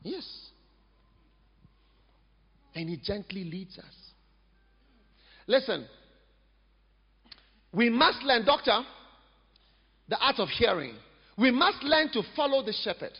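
Husky-voiced preacher, lively and joking, lo-fi recording from a reverberant church. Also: male voice, extremely high pitch, takes it slowly, long pauses. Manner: lively, humorous, emphatic preaching. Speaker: pastor. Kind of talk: sermon. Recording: echoey hall, dull lo-fi sound.

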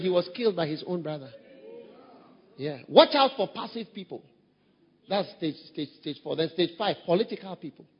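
Husky high-pitched male pastor, lively sermon with mimicked voices, muffled sound. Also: big-room sound. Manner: acts out quoted voices, shouting high mimicry.

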